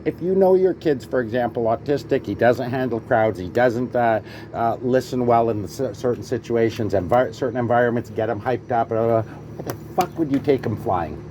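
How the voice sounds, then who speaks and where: A man's voice: medium pitch, fairly quick, noisy background. A man hosting a vlog, chatting casually at a coffee shop, opinionated, swearing freely and often asking "right?". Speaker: vlog host. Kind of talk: casual chat.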